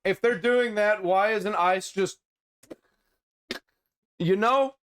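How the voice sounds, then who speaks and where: A man's voice: high voice, slow, fairly bright tone, smooth. A man hosting a reaction commentary, ranting in an exasperated, profane way. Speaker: commentary host reacting to a video.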